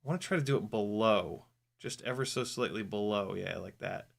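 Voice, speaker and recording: A man vlogging as he flies a small drone, talking to himself in casual commentary with quick exclamations and the odd swear word. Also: lowish voice, gravelly. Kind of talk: casual commentary while flying.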